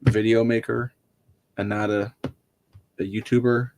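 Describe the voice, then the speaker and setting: A man co-hosting a casual livestream, earnest and halting, often restarting his sentences. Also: fairly low pitch, level tone, darkish tone, a little hiss or hum. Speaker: livestream co-host.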